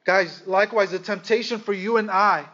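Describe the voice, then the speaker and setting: A man preaching a sermon, speaking with dramatic pauses and calling his listeners "guys". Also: high voice, steady tone, sharp tone. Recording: slightly dull lo-fi sound.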